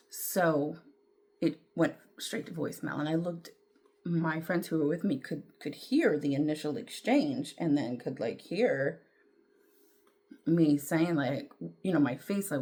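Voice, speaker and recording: A middle-aged woman, telling a personal story to camera in a candid, rambling way, with fillers and throat clearing. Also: low-pitched, unhurried, a little mellow. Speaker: vlogger.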